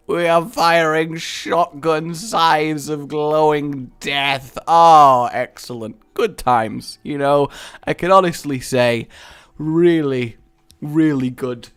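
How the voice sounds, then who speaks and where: A young man commentating his own gameplay in a jokey, excitable way, breaking into loud, high exclamations. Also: takes it slowly, clear, resonant tone. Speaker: gaming video host. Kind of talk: let's play commentary.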